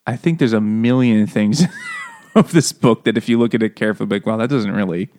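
A man's voice: lowish voice, brisk, darkish tone. A man co-hosting a casual book podcast, joking and sarcastic, laughing often as he talks. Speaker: podcast co-host. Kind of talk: casual chat.

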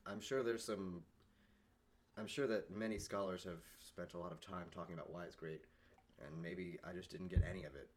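A man's voice: sits low, fairly even intonation, moderate pace. A man co-hosting a podcast, making dry, sarcastic remarks in casual book chat. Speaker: podcast co-host.

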